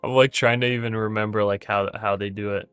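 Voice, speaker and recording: Male trading-stream host, casual, rambling; bright, forceful tone. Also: fairly low pitch, flat delivery, brisk, clear, resonant tone, no room sound, soft background music. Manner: chatty, thinks aloud with fillers and restarts. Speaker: day trading livestream host. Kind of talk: casual live trading commentary.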